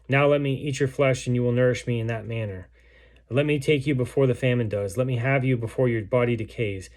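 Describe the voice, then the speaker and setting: A man's voice: medium pitch, darkish tone, close to an everyday voice. A man reading aloud the words of a starving, grief-stricken mother in a besieged city, in a solemn, pleading way.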